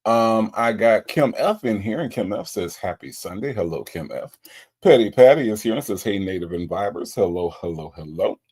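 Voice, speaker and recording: A man's voice: on the low side, normal speed, breathy edge. A man hosting a livestream, casually greeting viewers and reading their comments with playful energy. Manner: animated, lively, playful with repeated greetings. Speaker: livestream host.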